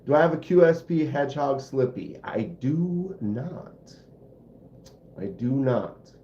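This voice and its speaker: A man hosting a relaxed livestream who talks slowly and rambles, poking fun at himself as he goes. His voice sits in a roomy space with some echo. The sound is a little dull. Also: medium pitch. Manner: rambling, self-deprecating, chatty. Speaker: host of a knife channel livestream. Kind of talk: casual livestream chat.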